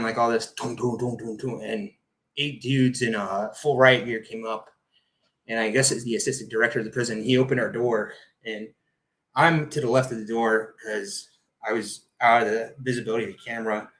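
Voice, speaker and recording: A man, an Air Force veteran, telling his story as a podcast guest in an animated, vivid way. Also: medium pitch, brisk, low-quality recording. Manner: vivid, animated retelling with acted-out quotes. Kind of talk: personal storytelling in a podcast interview.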